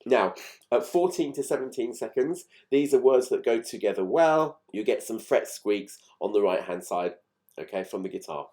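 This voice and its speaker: A man's voice: medium pitch, lively intonation, normal speed, a little mellow. A man chatting through fine recording details of old songs in a casual, enthused, explanatory way. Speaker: music channel host.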